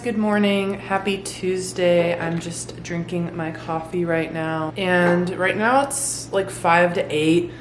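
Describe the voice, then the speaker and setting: A woman from Colorado talking casually to camera in a vlog, relaxed and chatty, with easy slang and filler words. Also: on the low side, slow, hardly any pauses, slight background noise. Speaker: vlogger. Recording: background music under the voice.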